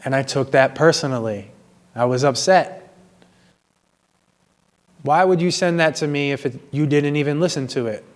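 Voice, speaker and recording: A man in an earnest, apologetic personal monologue, speaking slowly and in a measured way, recorded in a gym. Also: a little high. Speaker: vlogger sharing personal confessions.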